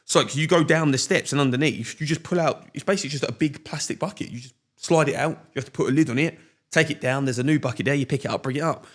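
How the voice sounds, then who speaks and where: Fast-talking young man, animated. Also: medium pitch. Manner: animated storyteller, slangy, laughs often. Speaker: podcast guest. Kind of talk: casual chat.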